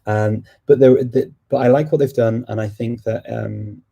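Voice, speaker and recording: A man's voice: medium pitch, fairly even intonation, moderate pace, vocal fry, mellow, breathy edge. A middle-aged man hosting a casual live chat about language learning, talking loosely with frequent laughs and restarts. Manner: chatty, laughs often, many restarts. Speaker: language channel host.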